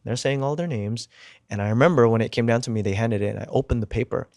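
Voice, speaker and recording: A man's voice: mid-range voice, quick pace, no echo, clean studio sound. A man as a podcast guest, telling a story casually and with energy, swearing freely and acting out what people said. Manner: animated, swears casually, acts out quotes.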